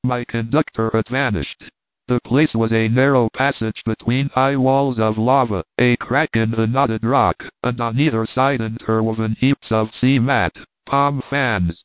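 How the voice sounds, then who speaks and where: A man reading a story aloud as scripted narration, in a steady, measured way. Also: mid-range voice, no room sound. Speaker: audiobook narrator. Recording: tinny phone-like dry recording.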